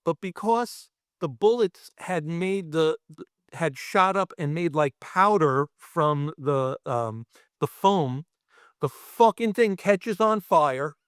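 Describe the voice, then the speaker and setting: Brief: effects-artist guest from Brooklyn, man, raunchy and animated storyteller, slightly high voice, dry close mic. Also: takes it slowly, clean tone, dry recording. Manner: profane, animated, acts out other people. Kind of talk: casual storytelling.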